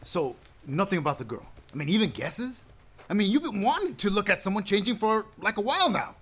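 A man's voice: high voice, sing-song, fairly quick, fairly bright tone, husky, heavily acted. An actor playing a nosy, jittery man who stammers as he presses for news. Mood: curious.

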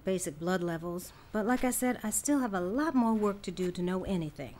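A woman voicing a weary middle-aged scientist and mother who speaks in a measured, reserved way. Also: medium pitch, expressive, a little mellow, slight background noise, natural voice. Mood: tired.

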